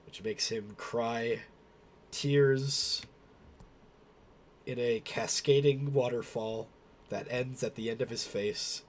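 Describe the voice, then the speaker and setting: A young man streaming himself presenting a meme slideshow in a mock-formal, pompous, drawn-out way. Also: medium pitch, steady tone, a little hiss or hum.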